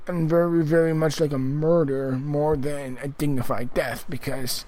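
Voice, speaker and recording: Guy doing a casual movie review, kinda high voice, rambly and emphatic, swears a lot, lots of ums. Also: fairly even intonation, moderate pace, warm tone, low-quality recording. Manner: rambling and emphatic, many fillers and restarts, swears often.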